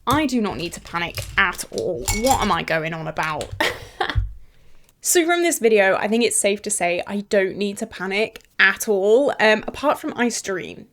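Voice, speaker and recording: A woman vlogger talks casually to camera about her collection. Her voice sits in a middle register. She muses aloud and breaks into excited exclamations. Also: mid-range voice, normal speed. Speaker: beauty vlogger.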